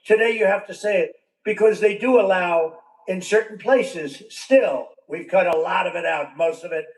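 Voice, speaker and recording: Rally speaker, older man, highish voice, roomy far-off mic sound. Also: moderate pace. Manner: rambling, repetitive, with conversational asides. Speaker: politician giving a speech. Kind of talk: rally speech. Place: large venue with a crowd.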